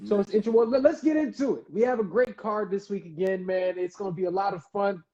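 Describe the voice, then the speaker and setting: A man's voice: high-pitched, fast, lo-fi sound, a crowd in the background. A man hosting a casual live-stream interview, talking loosely with slang and repeated words. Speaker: interview host. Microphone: video call.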